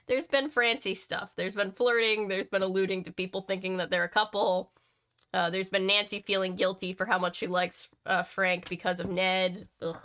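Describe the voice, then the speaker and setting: A woman's voice: medium pitch, fairly even intonation, unhurried, fairly bright tone. A young woman reading a novel aloud, breaking off for chatty, sarcastic asides and frequent ums.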